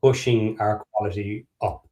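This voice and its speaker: A man's voice: lowish voice, fairly even intonation, unhurried, warm tone. A man co-hosting a casual fan podcast, talking football in an earnest, analytical way and repeating words as he thinks. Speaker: podcast co-host.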